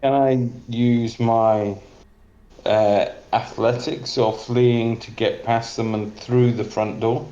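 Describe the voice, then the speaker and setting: A man playing a tabletop game, asking slow, deliberate questions. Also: mid-range voice, flat delivery, mellow, reverberant, lo-fi sound. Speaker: player.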